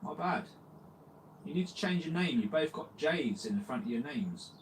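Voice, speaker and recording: A man's voice: a little high, lively intonation, normal speed, far from the mic, slight background noise. A man hosting a live stream, chatting casually with viewers in a teasing way and laughing often.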